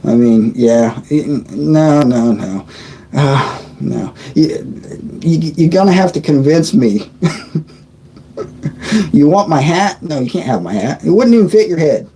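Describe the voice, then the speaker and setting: A man chats loosely through a live stream, laughing easily and tripping over his words now and then. His voice sits a little high and sounds mellow. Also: animated, a little slow, long pauses, slightly rough, poor audio. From Indiana, USA. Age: 30s. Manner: chatty and joking, laughs often, stumbles and restarts. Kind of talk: casual live-stream chat reading comments.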